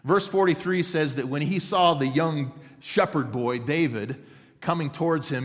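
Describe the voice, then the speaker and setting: A man's voice: on the high side, moderate pace. A man, a pastor, preaching a sermon, telling stories and acting out quotes, and asking the congregation for an amen. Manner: storytelling with acted quotes, asks for an amen. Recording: long hall reverb.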